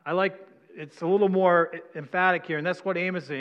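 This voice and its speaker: Conversational pastor, slightly high voice. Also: male voice, fairly even intonation, brisk, fairly bright tone. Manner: conversational preaching, asks congregation questions. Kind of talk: sermon. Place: church sanctuary. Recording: long hall reverb.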